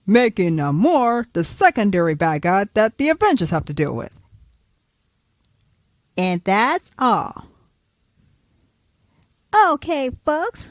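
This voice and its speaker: A woman hosting a podcast, telling a story in a playful, animated way. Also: medium pitch, slow, long pauses, no room sound. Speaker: podcast host. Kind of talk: casual storytelling.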